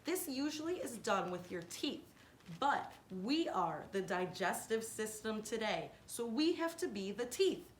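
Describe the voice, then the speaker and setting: A woman with a fairly high voice walks children through a hands-on science lesson one step at a time. She explains clearly and patiently. The recording rings around an echoey room, with a faint hiss underneath. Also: big pitch swings, unhurried. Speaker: science teacher.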